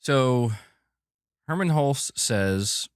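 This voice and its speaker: A man's voice: medium pitch, expressive, drawn-out words, smooth, no room sound, clean studio sound. A man hosting a casual gaming news show, joking and self-mocking as he reads. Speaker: host of a gaming news channel.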